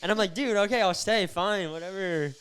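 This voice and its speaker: Young dude on a podcast, kinda high voice, super clear, rambles and fills every gap with like. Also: male voice, brisk. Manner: rambling, animated storytelling with lots of fillers. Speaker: podcast co-host. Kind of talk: casual chat.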